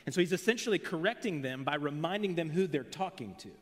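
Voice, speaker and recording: A man's voice: a little high, lively intonation, fast talker. A man preaching a sermon as pastor, earnest with emphatic rising phrases, recorded in a church sanctuary on a pulpit mic. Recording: long reverb of a large hall.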